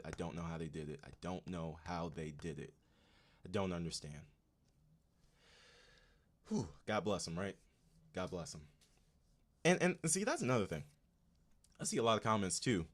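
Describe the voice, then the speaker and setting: Deep-voiced man chatting on a livestream. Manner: laid-back slang, talks straight to chat. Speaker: livestream host. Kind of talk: casual livestream chat.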